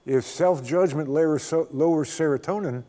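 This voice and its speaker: An older man giving a spiritual talk as a guest speaker, a folksy, unhurried storyteller who often chuckles. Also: a little high, warm tone. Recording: long reverb of a hall.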